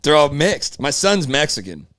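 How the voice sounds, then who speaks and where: A man's voice: on the high side, very animated, normal speed, fairly bright tone, no room sound, clean studio sound. A man hosting a casual talk show, chatting loosely and sometimes reading news aloud in a mock news voice. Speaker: podcast host. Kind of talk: casual chat.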